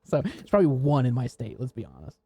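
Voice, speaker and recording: His mid-range voice is dark and slightly rough, swinging widely in pitch as he talks fast with no room sound. He's an American podcast co-host casually rambling through work stories, laughing and swearing as he goes.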